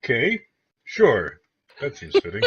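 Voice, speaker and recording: A man voicing a hearty, friendly male soldier who calls out loudly and talks briskly, in a tabletop game. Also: fairly low pitch, expressive, slightly rough, dull audio, heavily acted. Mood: earnest.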